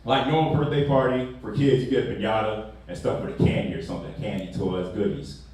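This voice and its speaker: A man's voice: mid-range voice, fairly quick, a little mellow. A man doing stand-up comedy in a loose, slangy storytelling way. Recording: echoey room, distant mic, background noise.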